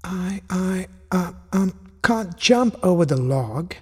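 A shy little girl rabbit, voiced by a man in a storybook, with a high, hesitant voice that wobbles as she speaks. Her voice rises well above an ordinary adult's and rings in a long hall reverb. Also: fairly even intonation, a little slow, mellow. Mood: tearful.

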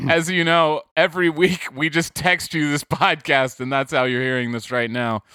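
A man with a high, bright voice riffs jokes on a casual podcast. His tone is smooth and crisp, recorded close and dry, and he breaks into laughter often. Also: fairly even intonation, normal speed, no room sound. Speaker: podcast co-host. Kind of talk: casual comedic chat.

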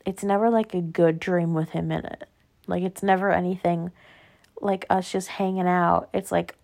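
A young woman talks on her own in a loose, unscripted way. She drifts between tangents and fills her sentences with "like", sounding relaxed and conversational. Her voice sits at an ordinary pitch for a woman. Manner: rambling, lots of filler "like", tangents. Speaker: podcast host. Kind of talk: casual solo chat.

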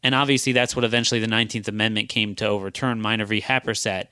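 A man's voice: lowish voice, steady tone, quick pace, sharp tone, clear, resonant tone, dry recording, clean studio sound. A man hosting a solo podcast, arguing a legal point emphatically and reading out quotes. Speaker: podcast host.

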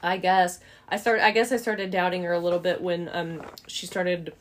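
A woman's voice: fairly low pitch, level tone, normal speed, a little hiss or hum. A woman co-hosting a podcast in chatty, enthusiastic, slightly rambling casual talk. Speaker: podcast co-host. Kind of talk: casual chat.

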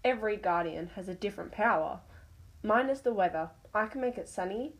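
A woman reading the lines of a wise female wolf who mentors a young cat in a storybook tale, measured and instructive. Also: medium pitch, lively intonation, close to an everyday voice, rough recording. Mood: stern.

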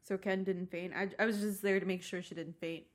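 A woman's voice: lowish voice, fairly even intonation, brisk. A young woman co-hosting a casual podcast. She giggles often and teases her co-host in a laid-back way. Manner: giggly, teasing. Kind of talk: casual chat.

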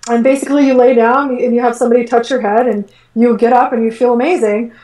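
Woman guest chatting, kinda high voice, lots of likes and ums, echoey and far from the mic. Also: quick pace. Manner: animated storytelling, acts out her own quotes, many fillers like "like" and "um". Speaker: guest, energy work coach. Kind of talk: casual conversational interview.

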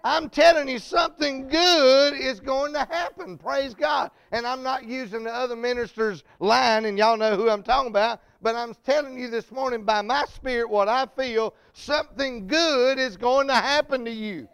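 A preacher with a strikingly high, smooth voice that carries a gravelly edge. He preaches with fervor, calls out to the people in front of him, and rises into shouts at the peaks. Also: normal speed, hardly any pauses. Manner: fervent, shouting climaxes, calls to congregation. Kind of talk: sermon.

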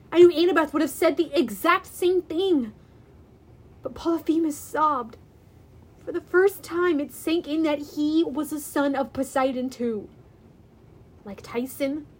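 Slow high-voiced woman storyteller. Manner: expressive, slow and deliberate. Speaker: audiobook reader. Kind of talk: dramatic first-person storybook narration.

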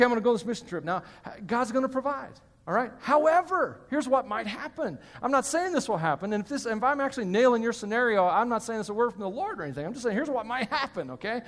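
A man's voice: very high-pitched, big pitch swings, fast talker, a bit bright. A male pastor giving a sermon in a church, chatty and joking with the congregation between points. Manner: conversational, joking asides to the congregation. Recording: hall reverb.

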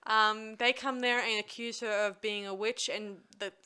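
A woman's voice: on the high side, fairly even intonation, normal speed, sharp tone, clear, resonant tone. A woman co-hosting a casual film podcast, retelling the plot with many fillers and restarts. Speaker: podcast co-host recapping a film. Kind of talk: casual chat.

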